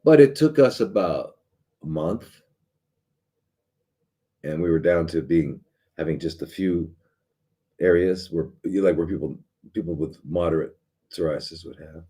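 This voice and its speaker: A middle-aged man with a very low, husky voice hosts a live show as a doctor. He talks in a loose, rambling way, full of restarts and fillers. His tone stays dry and sarcastic. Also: animated, a little slow, pauses often, warm tone. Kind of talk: casual live talk.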